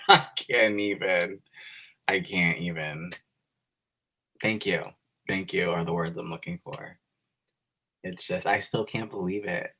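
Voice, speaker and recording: A man's voice: lowish voice, a bit bright. A man hosting a live stream, gushing and giggling as he greets viewers by name, emotional and close to tears.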